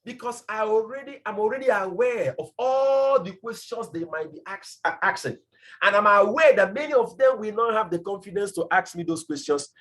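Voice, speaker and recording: A man from Nigeria delivers a motivational business lesson with a notably high voice. He speaks with passion, hammering home his points by repeating them. His tone is that of a mentor rallying his team. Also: lively intonation, normal speed, a bit bright. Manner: passionate, emphatic, repeats phrases. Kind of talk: motivational training talk.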